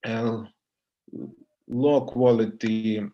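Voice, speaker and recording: A man giving a lecture over a video call, speaking halting English full of pauses and fillers. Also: lowish voice, steady tone, lo-fi sound. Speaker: visiting lecturer. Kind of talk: online lecture Q&A.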